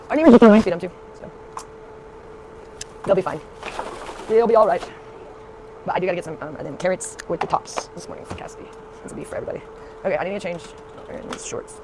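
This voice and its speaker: Woman, casual vlog chat, rambling, very fast, noisy background. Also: fairly low pitch. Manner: rambling, full of fillers and restarts. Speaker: vlogger.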